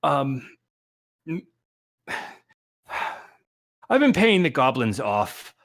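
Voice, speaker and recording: A man's voice: mid-range voice, big pitch swings, extremely slow, heavily acted. A man voicing a large, nervous, sweating male town mayor who stammers anxiously. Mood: confessing.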